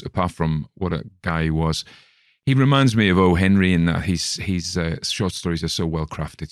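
A man with a low, deep voice talks casually as a podcast host, wandering off into asides before finding his way back to the point. The sound is dry and close, with no room around it. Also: dry recording. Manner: rambling, chatty, digressive. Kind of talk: casual chat about a story.

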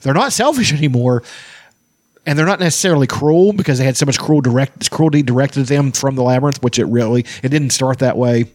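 A man's voice: medium pitch, brisk, a little mellow, no echo, clean studio sound. A man in casual chat, rambling and swearing freely, with many restarts and fillers.

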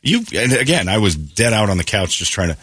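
Husky, bright-voiced male radio host. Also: fairly low pitch, a little fast, no echo, clean studio sound. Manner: animated, jumps into mocking quoted voices. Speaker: radio morning show host. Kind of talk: casual radio banter.

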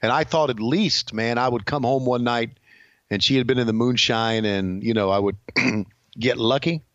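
Laid-back co-host, slightly muffled. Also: male voice, mid-range voice, normal speed, fairly bright tone, no room sound. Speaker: podcast co-host. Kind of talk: casual chat.

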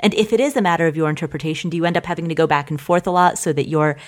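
A woman co-hosting a podcast, asking measured, thoughtful questions. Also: sits low. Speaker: podcast co-host.

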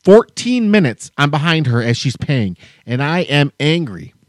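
A man's voice: fairly high pitch, very animated, unhurried, no echo, clean studio sound. A man co-hosting a podcast, telling a long story as a heated, profane rant. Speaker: podcast co-host. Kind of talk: casual chat, storytelling rant.

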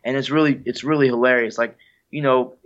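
A man's voice: mid-range voice, fairly even intonation, brisk, fairly bright tone. A man, a guest musician, talking casually and reflectively in an interview, sharing heartfelt stories with an easy laugh. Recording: dull lo-fi sound.

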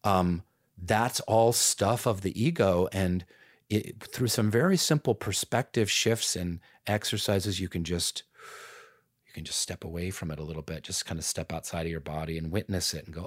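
Speaking at a normal speed, a man with a slightly low voice co-hosts a podcast in casual conversation. He comes across as reflective and gently playful, often trailing off into soft asides.

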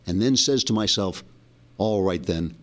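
A man's voice: lowish voice, measured pace, fairly bright tone. A man reading aloud as an uneducated boy on a river raft, earnest and troubled, in a folksy old rural dialect from a novel.

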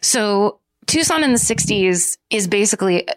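A woman's voice: medium pitch, animated, moderate pace. A woman co-hosting a podcast, telling a true-crime story in a chatty, joking way with lots of fillers. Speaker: podcast co-host.

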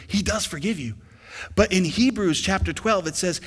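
A young man preaching a sermon as pastor in a church, emphatic and rising to loud peaks, with an easy storytelling manner. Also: high-pitched, expressive, moderate pace, slightly rough. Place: church sanctuary. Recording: long hall reverb.

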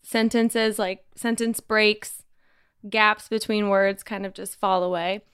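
A woman's voice: mid-range voice, steady tone, slow pace, fairly bright tone, clean tone, no echo, clean studio sound. A woman with a Kentucky accent hosting a casual podcast, chatting in a youthful, self-deprecating way. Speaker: podcast host.

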